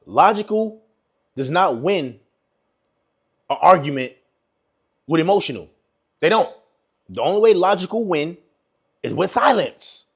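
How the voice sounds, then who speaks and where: A man comments on a clip and hands out relationship advice. His voice is high and husky. He repeats his points like a preacher and acts out what others might say. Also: big pitch swings, unhurried, pauses often. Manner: preachy, repetitive, acts out quotes.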